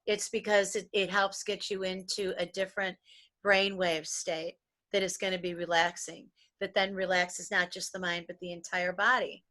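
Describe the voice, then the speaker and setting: A woman's voice: on the low side, flat delivery, moderate pace, bright, forceful tone. A middle-aged American woman and psychologist co-hosting a wellness show, talking in an earnest, preachy way and often repeating words as she starts sentences. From United States. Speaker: podcast co-host, psychologist. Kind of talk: motivational wellness chat.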